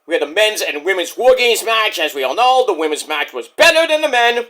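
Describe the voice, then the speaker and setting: A man hosting a casual, profane wrestling review, jokey and animated, who keeps breaking into impressions. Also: high voice, fairly quick. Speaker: wrestling reviewer, channel host.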